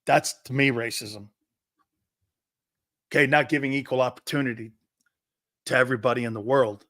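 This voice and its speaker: A middle-aged man hosting a sports talk show, a brash, loud storyteller who acts out the quotes. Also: mid-range voice, fairly even intonation, moderate pace, dry recording.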